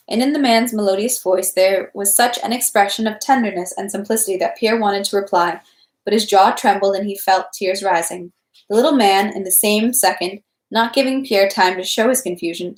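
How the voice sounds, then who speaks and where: A woman reading a novel aloud at home, in a measured, unhurried way. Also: medium pitch. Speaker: audiobook reader. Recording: echoey room.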